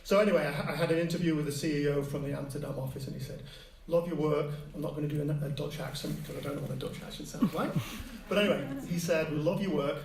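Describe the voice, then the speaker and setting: A man telling a personal story to a live audience, animated and acting out what people said. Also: a little high, quick pace, vocal fry. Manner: animated, acts out quoted voices. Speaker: storyteller on stage. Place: stage before a live audience. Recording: echoey hall, distant mic, faint hiss.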